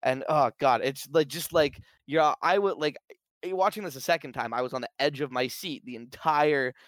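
A man's voice: a little high, normal speed, fairly bright tone, dry recording. A man in casual conversation, animatedly retelling movie scenes and acting out bits of the dialogue. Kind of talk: casual film discussion.

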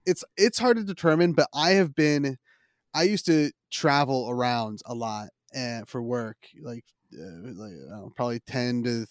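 This podcast host, a man from the Philadelphia area with the accent to match, has a medium-pitched voice and a moderate pace. The sound is clean studio audio with no echo, and his casual talk rambles, turns self-deprecating, and is full of restarts.

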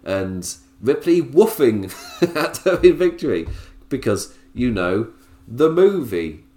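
A man's voice: mid-range voice, big pitch swings, slow, warm tone, roomy sound. A man giving a casual, chatty review of a wrestling show. He laughs often and talks in loose, filler-heavy bursts. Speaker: wrestling podcaster.

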